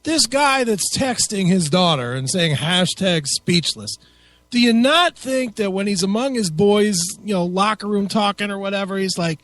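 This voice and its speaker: A man's voice: sits high, lively intonation, moderate pace, a bit bright. A man co-hosting a talk radio show, ranting crudely and mocking people with plenty of profanity. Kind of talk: casual talk radio banter.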